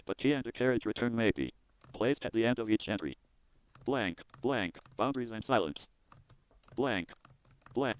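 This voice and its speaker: A man hosting his own video, reading a technical software manual aloud in a measured, word-by-word way with small restarts. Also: lowish voice, clean tone, rough recording. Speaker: host.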